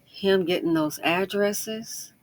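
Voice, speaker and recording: A woman giving casual online commentary, talking fast and slangy and repeating points for emphasis. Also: medium pitch. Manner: talks fast, tries to slow herself down. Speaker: YouTube commentator.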